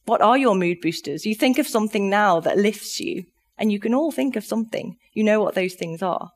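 An upbeat woman delivers a conference keynote. She speaks in a chatty, lively way and laughs readily. Her voice sits at an ordinary middle pitch, and she addresses a live audience in a conference room. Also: brisk.

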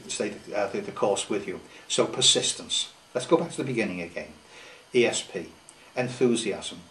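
A man's voice: medium pitch, slight background noise. A middle-aged man giving an unscripted sales tutorial, emphatic and repeating key words for effect. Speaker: sales trainer. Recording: echoey room, distant mic.

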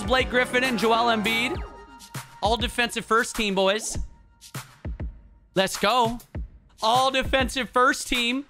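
A man giving casual, excitable let's play commentary, swearing freely and talking to his viewers. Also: extremely high pitch. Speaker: gaming channel host.

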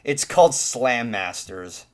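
A man's voice: mid-range voice, animated, takes it slowly. A man hosting a casual stream chat, making dry jokes.

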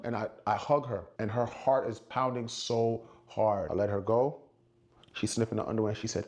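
A man telling an animated story and acting out the quoted lines of the people in it. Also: a little fast. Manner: acts out quotes, shifts pitch for dialogue. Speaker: storyteller in a played clip.

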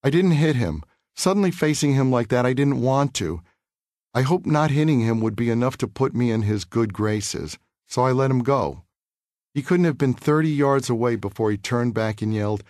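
A man's voice: medium pitch, a little mellow, dry recording, studio quality. Earnest man reading his memoir. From New York City. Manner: measured, earnest, reflective reading. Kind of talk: audiobook memoir narration.

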